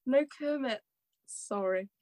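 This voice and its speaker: A woman's voice: a little high, slow, a little mellow, no echo. Giggly young woman co-host. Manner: giggly, reads quotes aloud with stumbles. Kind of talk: casual podcast chat.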